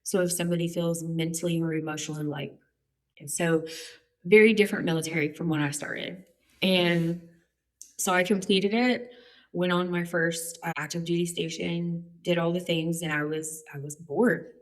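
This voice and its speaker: Woman in her forties, low-ish voice, chatty, joking, fillers, candid story. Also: steady tone, normal speed. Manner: chatty and humorous, many fillers. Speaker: guest.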